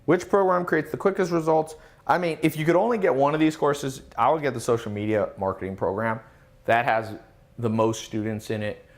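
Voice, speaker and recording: A man's voice: mid-range voice, steady tone, brisk. A man hosting a casual live Q&A, reading out viewer questions and answering them in a confident, emphatic, lecturing way with rhetorical questions. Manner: reads out chat questions, then answers.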